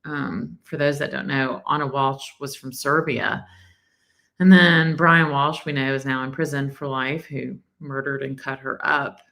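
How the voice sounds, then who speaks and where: A woman's voice: very deep voice, little pitch movement, normal speed, vocal fry, hardly any pauses, a bit bright, low-quality recording. A woman with a Southern accent hosting a live stream, chatting casually as she reacts to a clip. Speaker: livestream host. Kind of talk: casual true-crime commentary.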